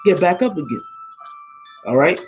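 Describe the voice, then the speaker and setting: Guy doing a casual bible talk, kinda high voice, says "man" a lot, trips over words, faint music behind. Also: expressive, normal speed, low-quality recording. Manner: casual, peppered with "man" and "all right?"; stumbles over words and restarts. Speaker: Bible teacher. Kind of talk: informal scripture reading and commentary.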